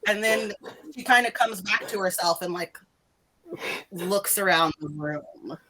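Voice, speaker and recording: A woman's voice: fairly low pitch, measured pace, sharp tone. A woman narrating as game master of a tabletop role-playing game, talking loosely with lots of "like" and laughter. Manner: loose, chatty, full of "like" and laughs.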